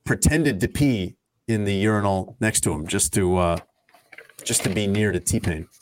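A man's voice: on the low side, moderate pace. A man hosting a casual talk show, running through news items and teasing his co-hosts. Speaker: host.

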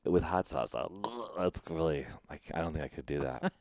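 Very deep-voiced man hosting a podcast. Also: moderate pace, gravelly, no room sound. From Chicago area. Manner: animated storyteller, laughs often. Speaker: podcast host. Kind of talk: casual podcast chat.

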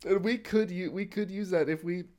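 A man's voice: sits high, moderate pace, darkish tone. A man co-hosting a podcast in casual chat, rambling with many fillers and restarts. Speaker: podcast co-host.

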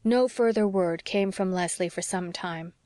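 A woman narrating an audiobook in a steady, unhurried reading voice. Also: on the low side, no room sound. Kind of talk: scripted narration.

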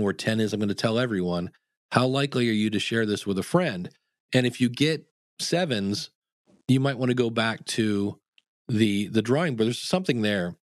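A man, a podcast coach, answering interview questions in an animated way, acting out the people he quotes. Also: mid-range voice, no room sound, studio quality.

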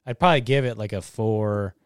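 A man's voice: lowish voice, a little fast, clear, resonant tone, no echo, studio quality. A young man chatting casually as a podcast co-host, rambling through a movie review with lots of filler words.

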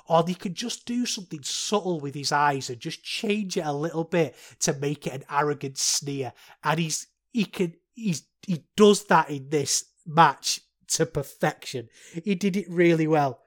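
On his podcast, a man with a slightly high, somewhat bright voice talks through a wrestling review alone, chatty and rambling while poking fun at himself.

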